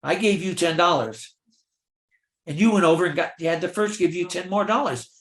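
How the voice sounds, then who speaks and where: An older man, a veteran film extra, telling lively anecdotes in a Q&A and acting out the dialogue of the people in them. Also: sits high, fairly quick. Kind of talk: storytelling in a virtual Q&A. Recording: roomy echo.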